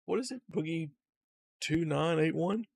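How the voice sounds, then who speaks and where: A man's voice: on the high side, unhurried, creaky, a little mellow, no room sound, clean studio sound. A man casually talking to his chat during a stream, loose and profane, reading comments aloud.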